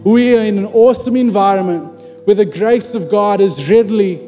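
A man's voice: high-pitched, normal speed, warm tone, in a large hall, soft background music. A man preaching a sermon in a conversational, humorous way, speaking directly to his congregation.

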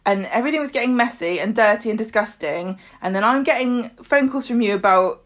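A woman co-hosting a podcast in casual chat, telling stories animatedly with laughs and loud acted quotes. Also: a little high, brisk. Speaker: podcast co-host.

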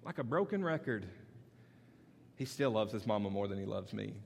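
A man's voice: lowish voice, animated, moderate pace, vocal fry, big-room sound, slight background noise. A male pastor preaching a sermon in a conversational, storytelling way that builds to emphatic points. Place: church sanctuary.

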